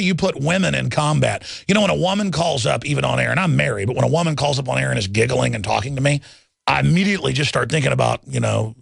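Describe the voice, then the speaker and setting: A man rants through a radio talk monologue, rambling and combative, and slips into sneering impressions of his critics. His voice is heavily gravelly and a little high. The studio sound is dry and close. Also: a bit bright, dry recording. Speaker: radio talk show host.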